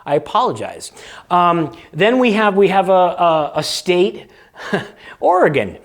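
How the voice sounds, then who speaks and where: A man from New England, United States, hosts a vlog, explaining things to the camera with casual, good-humored, self-deprecating charm. His voice is high-pitched and very animated, and he talks a little slowly.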